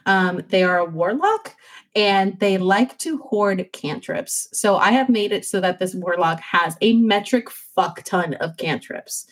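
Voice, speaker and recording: A woman's voice: mid-range voice, lively intonation, measured pace. A woman on a podcast, chatting casually and rambling about her tabletop characters with frequent ums.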